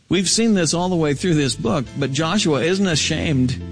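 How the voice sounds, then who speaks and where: A man preaching a Bible sermon, jumping up to high, ringing emphasis and dropping low and quiet, stretching key words slowly. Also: animated. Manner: swings between soaring high emphasis and low hushed reading. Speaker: pastor. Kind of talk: expository sermon.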